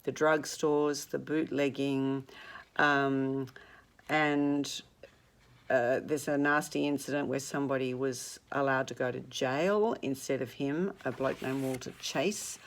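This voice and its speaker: Low-voiced female teacher, reads and unpacks a classic novel, chatty asides. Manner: conversational, explanatory asides. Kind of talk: reading and commenting on a novel.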